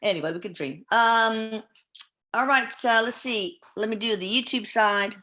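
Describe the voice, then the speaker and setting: A woman hosting a live podcast who reads viewer questions aloud in a relaxed, chatty way and stumbles over names. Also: a little high, unhurried. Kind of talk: casual live-stream chat.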